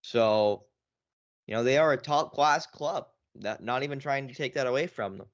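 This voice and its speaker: A man co-hosting a sports podcast, talking in a loose, rambling way and often restarting his sentences. His voice sits at an ordinary middle pitch. The recording sounds dull and lo-fi. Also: moderate pace. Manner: rambling, lots of "you know" and restarts. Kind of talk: casual sports chat.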